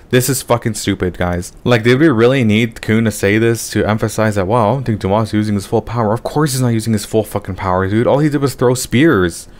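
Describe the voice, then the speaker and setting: A man with a slightly low voice is reviewing a webcomic chapter in a casual, rambling rant. He sounds exasperated and swears freely. He keeps ending his sentences with "man" and "dude.". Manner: exasperated, profane, ranting.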